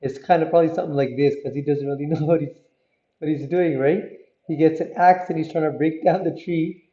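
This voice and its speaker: A man telling a religious story to children, lively and often asking his listeners questions. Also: fairly high pitch, a little fast. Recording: muffled, roomy recording.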